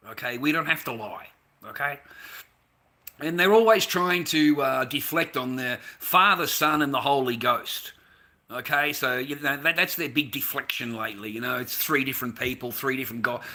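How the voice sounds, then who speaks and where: A man's voice: a little high, bright, forceful tone. An Australian man ranting in a casual, blunt way, swearing a lot and repeating "mate". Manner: blunt, repetitive, swearing, keeps adding "mate". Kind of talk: casual profane rant.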